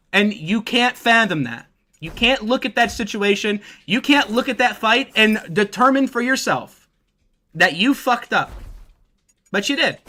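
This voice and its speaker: A man livestreaming a game and chatting with his viewers, brash and quick to swear and trash-talk. His voice sits high, with a forceful, bright edge. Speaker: game streamer. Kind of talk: casual livestream talk to chat.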